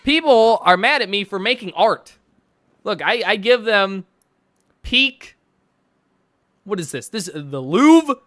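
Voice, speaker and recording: A man's voice: high-pitched, lively intonation, slow pace, long pauses, sharp tone. A man streaming from his bedroom, reacting to posts with sarcastic, mocking commentary and frequent laughter.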